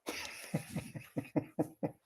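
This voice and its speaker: A man teaching as a Zen teacher in a dharma talk, unhurried and conversational with wry asides. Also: a little mellow.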